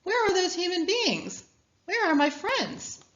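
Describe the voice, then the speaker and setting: A woman's voice: very high-pitched, sing-song, a little slow, a bit bright, lo-fi sound, pitched above the performer's own voice, heavily acted. A woman voicing a playful, careless female trickster coyote in a read-aloud story. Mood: alarmed.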